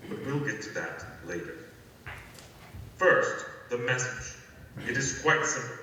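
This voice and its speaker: A man playing a calm, secretive guide who gives measured, deliberate instructions in a scripted audio play. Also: mid-range voice, a little hiss or hum. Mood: calm, instructive. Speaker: phone play narrator. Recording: echoey hall, voice from far off, faint ambience.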